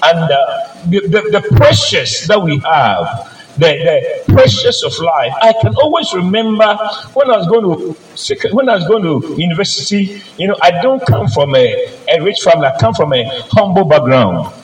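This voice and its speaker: A man's voice: fairly high pitch, very animated, normal speed. Man preaching in an echoey church. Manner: personal storytelling, calls for amens. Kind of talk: sermon. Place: church service.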